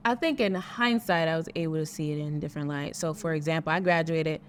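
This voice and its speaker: A woman's voice: low-pitched, fast, a little hiss or hum. A woman with a Brooklyn accent in casual conversation, telling stories animatedly and acting out quotes. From Brooklyn, New York. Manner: animated storyteller, voices quotes. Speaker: actress and guest. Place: outdoors on a city street.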